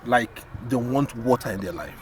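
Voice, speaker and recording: A man co-hosting a casual talk show, animated and exclaiming, with many fillers and restarts. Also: mid-range voice, moderate pace. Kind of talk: casual podcast chat.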